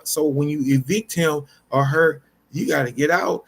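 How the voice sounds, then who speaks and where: A man's voice: on the high side, moderate pace, gravelly, a little hiss or hum. Earnest man giving repetitive pep talk. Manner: earnest, repetitive, many restarts; addresses listeners directly as y'all. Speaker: motivational vlogger. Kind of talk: unscripted motivational talk.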